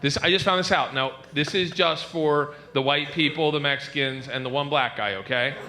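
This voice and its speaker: A young man doing a stand-up set, telling an animated story, shouting punchlines and laughing between lines. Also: on the high side, moderate pace. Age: young adult. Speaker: stand-up comedian. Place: comedy club stage. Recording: noisy live club recording.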